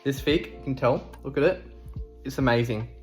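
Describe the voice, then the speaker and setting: A young Australian man talking casually to the camera, chatty and relaxed, with an ordinary mid-range voice. Soft music plays faintly under him. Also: mid-range voice, brisk. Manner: upbeat, chatty, laid-back. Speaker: fitness vlogger. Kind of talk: casual vlog chat and training explanation.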